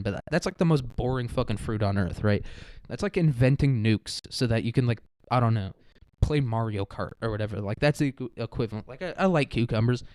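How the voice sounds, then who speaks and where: A man's voice: mid-range voice, darkish tone, dry recording. A man rambling through a crude, profane comedic monologue, full of "like" and "dude". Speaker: podcast host.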